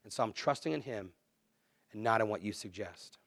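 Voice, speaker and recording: A man preaching a sermon, earnest and conversational, swinging between quiet, low asides and louder, emphatic lines. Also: animated, moderate pace, gravelly, no echo. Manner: earnest, conversational preaching with dramatic dips and swells. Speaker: pastor.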